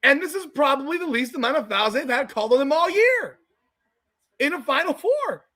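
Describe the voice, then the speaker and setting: A man's voice: very high-pitched, sing-song, moderate pace, bright, forceful tone. A man from South Florida hosting a live watch-party podcast, ranting profanely and heatedly over the game. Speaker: podcast host.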